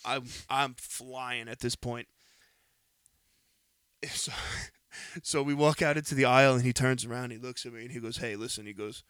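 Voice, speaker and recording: A man's voice: mid-range voice, moderate pace, clear, resonant tone, dry recording. A man casually telling a heated, profane story on a podcast, close to the mic. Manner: animated, profane, heated retelling.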